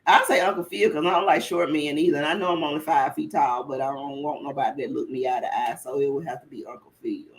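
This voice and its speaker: A woman comedian in casual podcast chat, blunt and profane, bursting into loud laughing exclamations. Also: low voice, fairly even intonation, quick pace, hardly any pauses. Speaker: comedian guest.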